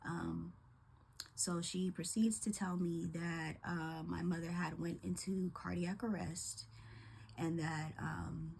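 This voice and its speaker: Gravelly, halting woman near tears. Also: fairly low pitch, slight background noise. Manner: soft-spoken, halting, many ums and likes. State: holding back tears. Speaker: teacher. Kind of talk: personal testimony.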